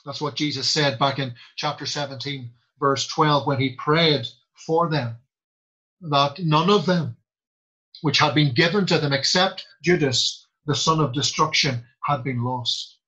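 A man preaching a sermon, quoting scripture slowly and deliberately with emphatic pauses. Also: on the high side, pushed and bright, slightly rough, lo-fi sound.

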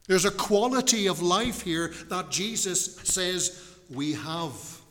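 A man's voice: high voice, fairly bright tone, in a large hall. A male pastor preaching a sermon in an earnest, emphatic way, repeating and stretching key words. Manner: earnest, emphatic preaching with repetition and slowed stresses. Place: church.

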